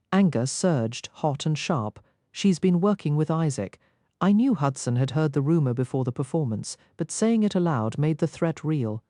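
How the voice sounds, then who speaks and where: Low-voiced, lively woman narrating a romance. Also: dry recording, studio quality. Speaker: audiobook narrator. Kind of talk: first-person romance audiobook narration.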